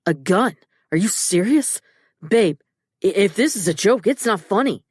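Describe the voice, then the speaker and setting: A woman narrator voicing a talkative husband in an audiobook thriller, breezy and quick. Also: mid-range voice, animated, a little mellow, husky, no room sound, studio quality. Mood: alarmed. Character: frantic-then-casual young husband, chatty restaurateur. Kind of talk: audiobook dialogue.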